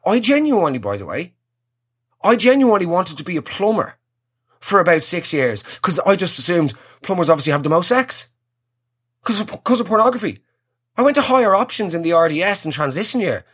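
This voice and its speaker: A man's voice: high-pitched, very animated, brisk, fairly bright tone, slightly rough. A young Irish man delivering a rambling, profane comic monologue. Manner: rambling, profane, exaggerated, self-mocking. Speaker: comedian.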